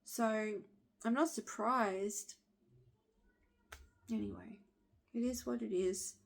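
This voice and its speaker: Husky, gravelly woman venting. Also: mid-range voice, slow. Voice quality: husky smoker-like voice. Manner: frustrated, blunt, swears. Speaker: vlogger. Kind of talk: venting to camera.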